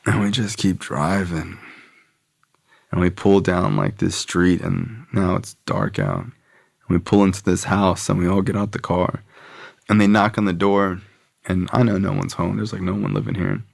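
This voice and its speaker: A young man with a low, gravelly voice from Florida, telling his story as a podcast guest. He talks casually and swears freely, slipping into the voices of the people in his tale. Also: moderate pace. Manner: casual, profane, quoting others in his story.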